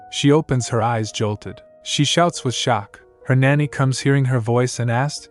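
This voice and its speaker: A man narrating a comic story recap in a plain, steady, slightly stilted reading. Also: mid-range voice, moderate pace, hardly any pauses. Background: faint music.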